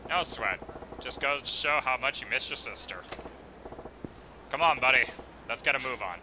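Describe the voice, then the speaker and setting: A man voicing a gruff, calm, hulking yakuza who speaks low and steady in a game playthrough. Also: moderate pace, noisy background, natural voice. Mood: reassuring.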